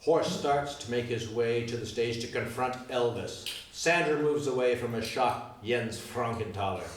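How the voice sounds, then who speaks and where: A man narrating the stage directions of a musical reading, lively and expressive. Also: medium pitch, measured pace, recorded from a distance, slight background noise. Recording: roomy live recording from afar.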